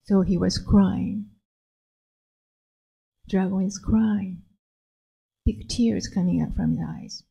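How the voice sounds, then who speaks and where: A woman minister telling a story slowly and gently in a sermon. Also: medium pitch, fairly even intonation, creaky, slightly rough, low-quality recording.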